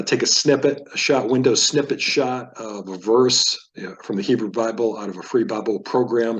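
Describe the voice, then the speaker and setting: Low-voiced man teaching Hebrew pronunciation. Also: low-quality recording. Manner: patient, explanatory, stretches words slowly to model pronunciation. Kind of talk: screen-share lesson.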